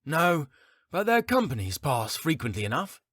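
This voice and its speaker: This is a dry, studio-quality recording of a man reading an audiobook part, pushing his voice up to play a chatty, chuckling middle-aged innkeeper with a gossipy air. His pitch sits on the high side, his delivery is sing-song at normal speed, and the tone is a bit bright.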